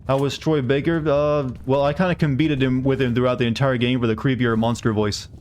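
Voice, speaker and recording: Fast-talking male game streamer. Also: medium pitch, fairly even intonation, a little mellow, a little hiss or hum. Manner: chatty, rambling, many restarts. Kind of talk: casual gameplay commentary.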